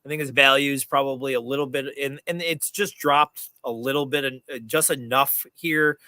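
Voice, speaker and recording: A man's voice: medium pitch, fairly even intonation, bright, forceful tone, no room sound. A man hosting a podcast, chatting casually about fantasy football with lots of restarts and fillers. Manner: halting, many restarts and fillers. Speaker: podcast host.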